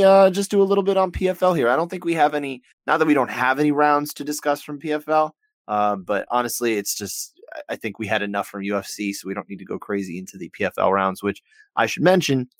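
A man co-hosting a podcast, talking through scores in a measured way, thinking out loud with frequent restarts. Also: medium pitch, no room sound. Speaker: podcast co-host. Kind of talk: casual podcast chat about fight scoring.

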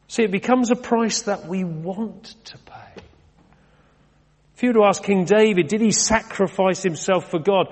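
Middle-aged British male vicar, fairly high voice, conversational sermon with self-mocking asides, reverberant church. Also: normal speed, a little mellow. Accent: British English. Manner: conversational, rhetorical questions, self-deprecating asides.

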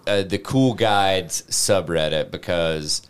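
A man co-hosting a podcast in casual, animated chat, swearing freely and laughing often. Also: deep voice, slow, clear, resonant tone. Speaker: podcast co-host.

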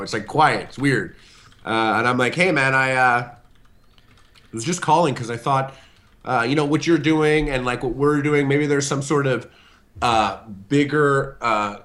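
A man, a show host, telling a casual animated story on a video call, with many fillers, acting out the voices of the people in it. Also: medium pitch, moderate pace.

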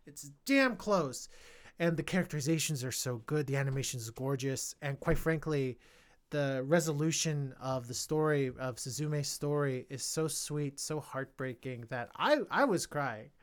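A man hosting a casual film review podcast, eager and animated. His passion builds as he talks, and at times it spills over into loud, excited exclamations. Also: medium pitch, moderate pace, clear, resonant tone. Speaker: podcast host.

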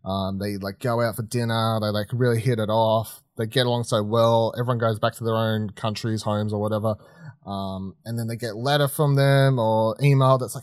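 A man's voice: fairly low pitch, brisk, no echo, studio quality. A man co-hosting a podcast who chats casually about films, rambling with restarts, swearing freely and laughing often. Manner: laughs often while telling stories. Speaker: podcast co-host. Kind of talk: casual chat reviewing films.

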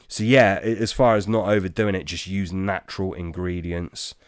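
A man hosting a casual chat, answering listener questions in a relaxed, rambling way with lots of ums and restarts. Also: sits low, normal speed, smooth, no echo, clean studio sound. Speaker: podcast host.

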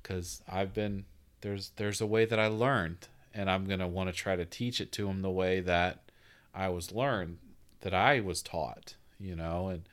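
A man's voice: low voice, fairly even intonation, measured pace, a bit bright. A man who is a podcast guest, talking about fatherhood in a thoughtful, rambling way. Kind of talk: casual conversation.

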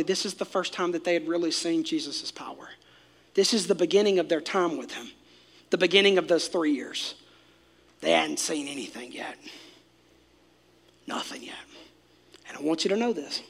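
Bright-voiced preacher swinging loud to hushed. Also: male voice, fairly high pitch, a little fast. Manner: swings from shouting to hushed near-whispers; preachy, direct address to congregation. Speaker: pastor. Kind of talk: sermon.

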